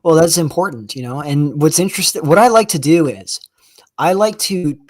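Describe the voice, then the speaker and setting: A man's voice: fairly high pitch, a crowd in the background. A man in a casual live-stream talk, laying out his reasoning step by step with frequent fillers. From Canada. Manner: measured, explains step by step with many fillers and restarts.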